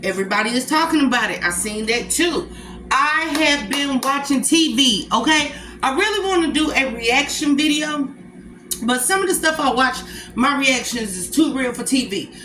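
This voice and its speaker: A woman chatting casually with her viewers from home as a cooking vlogger, addressing them directly and warmly as a group. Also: sits high, lively intonation, normal speed, roomy sound, a little hiss or hum, poor audio. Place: at home while eating a meal.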